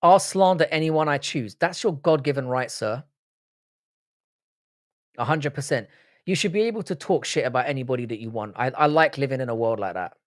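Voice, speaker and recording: A man's voice: medium pitch, lively intonation, moderate pace, no echo, clean studio sound. Man bantering on a live stream. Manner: swearing, bantering, rambling with restarts. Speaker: livestream host. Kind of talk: casual live-stream chat, reacting to comments.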